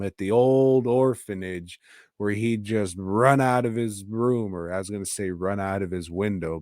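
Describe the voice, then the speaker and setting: Slow, low-voiced man rambling tipsily. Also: darkish tone, dry recording, clean studio sound. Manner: profane, rambling, laughing at his own jokes. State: tipsy from drinking. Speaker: podcast host reviewing an episode. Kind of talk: casual rambling review.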